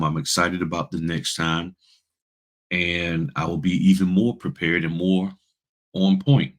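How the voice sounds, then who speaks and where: A middle-aged man talking casually to his viewers in a vlog, animated and motivational, acting out people's reactions as he goes. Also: low-pitched. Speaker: notary, channel host.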